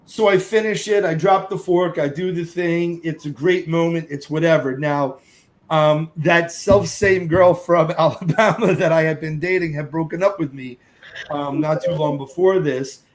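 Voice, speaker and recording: A middle-aged man, a podcast guest, telling a lively anecdote, acting out other voices and cursing casually. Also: on the high side, normal speed, rough recording. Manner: lively storyteller who acts out other voices and sings snatches; curses casually. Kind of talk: animated storytelling.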